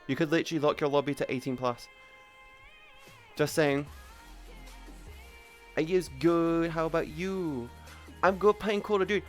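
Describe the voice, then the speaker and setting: Speaking through a headset boom mic, a chatty woman streamer rambles along and pauses to say hello to her chat. She has a fairly low pitch and lively intonation, talks at a moderate pace with frequent pauses, and faint music sits in the background.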